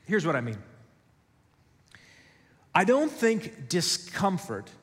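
A man preaching a sermon, moving from hushed storytelling to loud emphasis with a conversational, joking manner. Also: sits high, huge pitch swings, slow, long reverb tail. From United States. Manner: dramatic shifts from hushed to loud, conversational and humorous. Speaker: pastor. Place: church.

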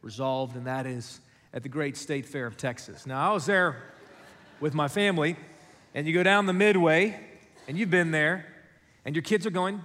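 A man preaching a sermon, telling stories and acting out voices, then dropping low and quiet for key points. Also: moderate pace. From West Africa. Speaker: pastor. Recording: long hall reverb.

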